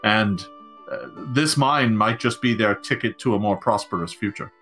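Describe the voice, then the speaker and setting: A man playing a deep-gnome woman from the worlds below, her voice dropped low and hushed, slow and somber in her warnings. She sounds aloof in this tabletop game, with faint guitar music behind. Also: lightly acted. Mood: grave.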